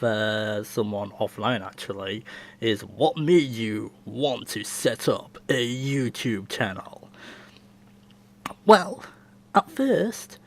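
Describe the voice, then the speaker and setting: A young man casually answering viewer questions on his channel, talking in a chatty, rambling way and often laughing. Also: lowish voice. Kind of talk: casual Q&A chat.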